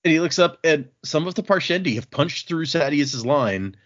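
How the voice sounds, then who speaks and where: A man's voice: on the high side, expressive, moderate pace, a bit bright. A man hosting a casual podcast chat, retelling scenes from a novel and acting out what the characters say. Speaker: podcast host. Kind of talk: casual book-discussion chat. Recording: dull lo-fi audio.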